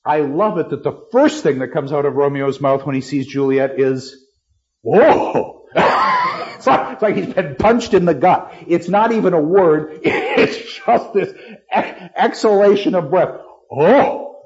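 Animated man lecturing on poetry. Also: fairly high pitch, moderate pace, dull audio. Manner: animated, acts out lines dramatically. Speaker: literature teacher.

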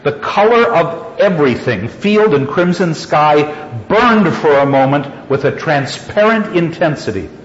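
A man lecturing, reading a story aloud with slow, expressive delivery and stopping to comment on it. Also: on the high side. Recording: lo-fi echoey hall.

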